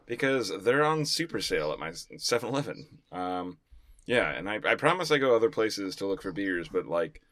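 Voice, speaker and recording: A man co-hosting a podcast, telling stories in an animated way and acting out his own reactions. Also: lowish voice, fairly quick, dry recording. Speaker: podcast co-host. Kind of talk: casual chat.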